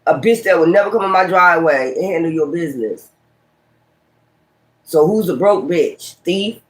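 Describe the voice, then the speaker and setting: Speaking at normal speed in a fairly high pitch, a man from Brooklyn, New York gives a tarot reading on a casual livestream. He rants at his critics, swearing and picking fights.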